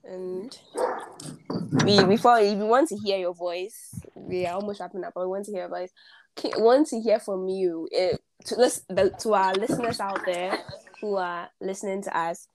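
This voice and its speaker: A woman's voice: mid-range voice, steady tone, moderate pace. A young woman hosting a casual faith conversation, laughing often and repeating words as she talks. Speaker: podcast host. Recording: faint background noise.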